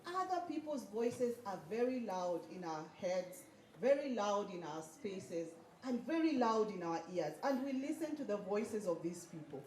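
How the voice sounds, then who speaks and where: Medium in pitch and a little mellow, a woman's voice rings through an echoey event hall as she gives a motivational graduation speech and leads the audience in call-and-response chants. A little hiss or hum is audible.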